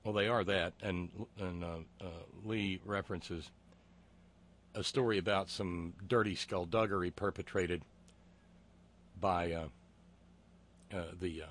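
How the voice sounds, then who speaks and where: A man hosting a political talk show, reading listener comments with sardonic, profane mockery and many halting filler words. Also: deep voice, slight background noise.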